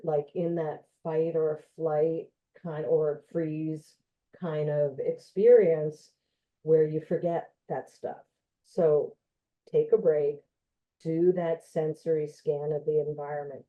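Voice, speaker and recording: A woman with a low voice gives an informal educational talk at an unhurried, gentle pace. She speaks conversationally, with frequent ums and you-knows. Her voice comes through a thin, tinny, phone-like online connection. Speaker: occupational therapist presenting a talk.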